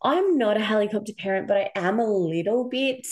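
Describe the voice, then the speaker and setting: Australian woman, 30s, casual podcast host; chatty, animated storytelling. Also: mid-range voice, a little fast. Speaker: podcast host and intuition coach. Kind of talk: casual solo podcast talk.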